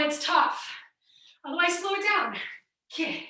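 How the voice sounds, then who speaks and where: A woman's voice: high voice, unhurried, pushed and bright. A woman leading a live online fitness class, counting reps and coaching form in an upbeat way. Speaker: fitness instructor. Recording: echoey room, mic at a distance.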